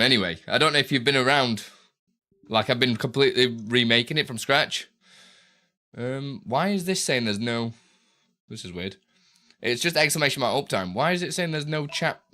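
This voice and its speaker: A man's voice: mid-range voice, pushed and bright. A young man live-streaming, chatting casually with viewers while he tinkers with his setup, often tripping over and repeating his words.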